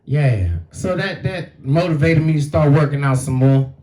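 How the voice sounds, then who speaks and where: A man's voice: on the high side, moderate pace, darkish tone. A middle-aged male comedian telling a story in a casual, profane, conversational way. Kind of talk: stand-up storytelling.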